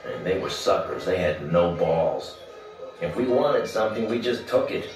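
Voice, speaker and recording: A man's voice: low voice, animated, moderate pace, a little mellow, far from the mic. An actor playing a gangster narrating his life in a blunt, matter-of-fact voice-over. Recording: roomy film soundtrack over music.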